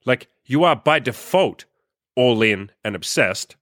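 In a clean, dry studio recording, a young podcast host and coach rants solo, scolding his listeners bluntly and with plenty of profanity. His mid-range voice is a bit bright, with lively intonation and an unhurried pace.

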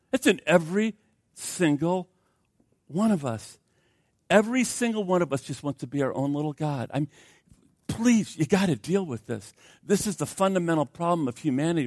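Animated older man preaching a sermon. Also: on the high side, dry recording, studio quality. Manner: storytelling, animated, jokey asides to congregation. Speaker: pastor.

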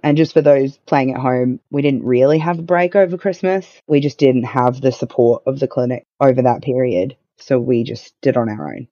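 A woman's voice: extremely low pitch, fairly even intonation, normal speed, hardly any pauses, mellow, no room sound. A woman guest on a podcast, telling her own story in a candid, matter-of-fact way with a wry edge. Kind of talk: casual conversational storytelling. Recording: dull lo-fi dry sound.

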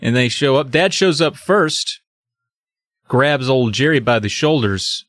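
A man's voice: medium pitch, lively intonation, unhurried, fairly bright tone, dry recording. Man, podcast co-host, sardonic, swearing, dramatic reading, dry close sound. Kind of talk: casual comedic book discussion with read-aloud excerpts.

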